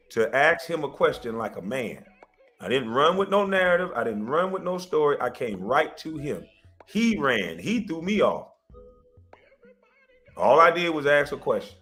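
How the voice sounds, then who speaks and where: A man's voice: medium pitch, a bit bright. A man hosting a livestream, defiantly defending himself and insisting he keeps his receipts, repeating points for emphasis. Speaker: livestream host. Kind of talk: heated livestream rant.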